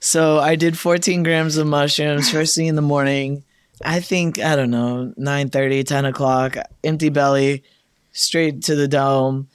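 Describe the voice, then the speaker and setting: A man hosting a podcast, telling a personal story in casual chat, animated and laughing often as he acts out what he said. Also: on the high side, a little slow, smooth, dry recording, studio quality. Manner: animated, laughs often, acts out his own past lines. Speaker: podcast host.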